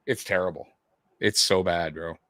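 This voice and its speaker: A man co-hosting a casual live football watch party, talking in a loose, animated way, laughing often and repeating himself. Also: deep voice, moderate pace, no room sound, studio quality. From half Italian heritage. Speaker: co-host of a sports watch-party stream.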